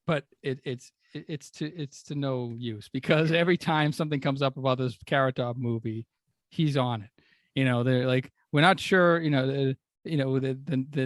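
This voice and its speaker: A man's voice: medium pitch, no room sound. A man co-hosting a podcast, animatedly retelling a story with lots of fillers and quoted lines. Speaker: podcast co-host. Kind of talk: casual storytelling chat.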